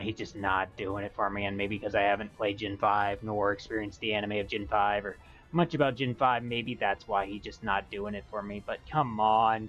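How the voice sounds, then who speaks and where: A young man streaming a game at home, chatting in a rambling, excitable way with bursts of high-pitched yelling. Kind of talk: casual live-stream chat. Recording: dull lo-fi stream audio with faint music.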